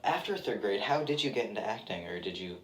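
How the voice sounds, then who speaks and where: A man's voice: fairly low pitch, animated, quick pace. A man asking an interview guest short, plain questions in a casual tone. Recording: roomy with faint background noise.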